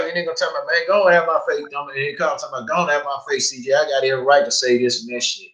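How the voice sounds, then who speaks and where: Profane, animated podcast host in an echoey room. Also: male voice, a little high, very fast, few pauses. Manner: profane, animated storytelling with quoted dialogue. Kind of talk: casual podcast storytelling.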